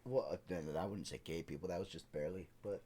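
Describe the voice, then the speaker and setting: A man's voice: low voice, fast talker, dark tone, slightly rough. A man co-hosting a casual podcast, crude and joking, acting out voices in his stories. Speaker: podcast co-host. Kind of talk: casual chat.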